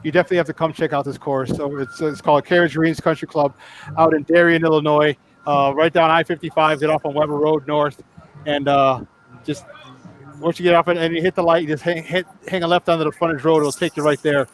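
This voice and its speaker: A man's voice: on the high side, fairly even intonation, quick pace, a little hiss or hum. A man co-hosting a live sports talk show, rambling with many restarts. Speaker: co-host. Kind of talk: live sports radio chat.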